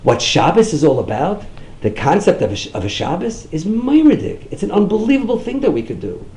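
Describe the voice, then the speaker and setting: A middle-aged man, a rabbi, giving a storytelling sermon, jumping up high whenever he quotes someone. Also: brisk, roomy sound, low-quality recording. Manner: animated, swings up high when quoting others. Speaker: rabbi giving a talk on outreach.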